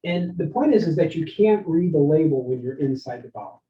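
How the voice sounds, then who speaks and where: The keynote speaker, a middle-aged man, talks fairly quickly in a slightly high voice as he leads a lively live leadership workshop with stories and frequent "right?" check-ins. The audience is both present in the event room and online, and the sound is roomy, distant, dull and lo-fi.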